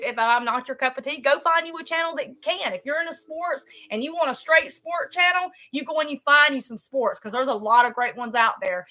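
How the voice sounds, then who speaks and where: A woman chats on a live stream from her home, her voice high and bright. She rambles in a folksy way and often starts a phrase over. She keeps calling her viewers "y'all" as she talks to them. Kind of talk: casual live-stream chat. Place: home, a trailer.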